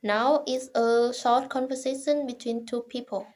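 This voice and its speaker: A young woman presents to her class. Her voice sits high, and she reads slowly and formally in short, halting phrases. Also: fairly even intonation, darkish tone. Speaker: student presenter.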